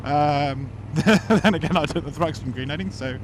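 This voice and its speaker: A man's voice: a little high, normal speed. A man, chatting casually to camera as a motorcycle vlogger, rambling, playful and self-mocking. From England. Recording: loud road noise.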